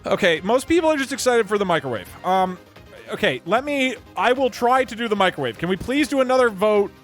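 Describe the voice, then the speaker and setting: A man's voice: sits high, lively intonation, brisk, soft background music. A man streaming live, chatting casually and thinking aloud with frequent restarts.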